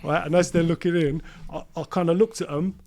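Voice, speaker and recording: A man's voice: a little high, fairly even intonation, brisk, darkish tone. A middle-aged man tells his story in a casual interview. He keeps restarting his sentences and repeating himself, and he acts out what others said as he goes. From London. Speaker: interview guest.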